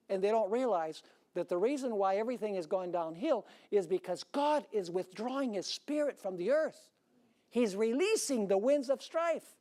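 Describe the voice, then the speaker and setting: A man's voice: very high voice, expressive, normal speed, a little mellow. A male pastor preaching a sermon emphatically, throwing rhetorical questions at his congregation.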